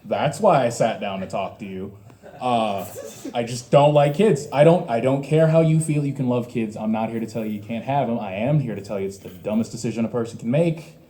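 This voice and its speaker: A brisk, warm, medium-pitched male voice belongs to a stand-up comedian in his twenties working an open mic at a small comedy venue. His jokes are crude, ranting, and self-mocking.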